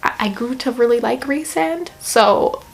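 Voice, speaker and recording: A young woman's fairly high voice, chatting in a casual vlog as she reviews a book. She gushes and rambles, drops "like" all the time, and plays out little exaggerated reactions. It sounds like a camera mic in a room at home. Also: measured pace, creaky. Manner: chatty and gushing, many "like" fillers, playful mock-quotes.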